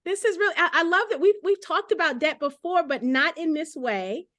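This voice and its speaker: A woman's voice: very high voice, animated, moderate pace, bright, forceful tone. A middle-aged woman hosting a casual panel discussion, speaking earnestly and reading out viewer comments. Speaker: host.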